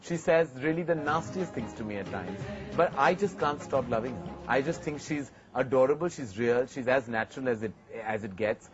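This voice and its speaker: A man's voice: medium pitch, expressive, normal speed, music in the background. Brief: male film director fronting a TV feature, heartfelt anecdotes, muffled broadcast sound. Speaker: filmmaker hosting a TV segment. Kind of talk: reflective to-camera talk.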